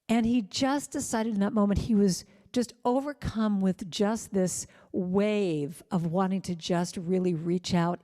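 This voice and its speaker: A woman giving an animated spiritual talk, telling stories and acting out the voices she quotes, speaking to an online congregation. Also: medium pitch. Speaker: guest speaker and singer. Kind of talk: spiritual talk over video call. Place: congregation service streamed to viewers on gallery view. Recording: long hall reverb.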